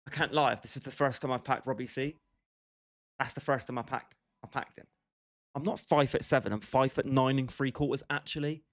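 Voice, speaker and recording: A young British streamer chats casually with his livestream viewers, bantering with them by name and laughing often. His medium-pitched voice moves fairly quickly with fairly even intonation, in a British English accent.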